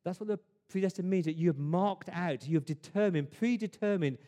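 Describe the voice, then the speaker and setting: Preaching quickly in a high-sitting voice with a dark tone, a pastor addresses his congregation during a church service. His sermon is earnest, full of restarted words and rhetorical questions.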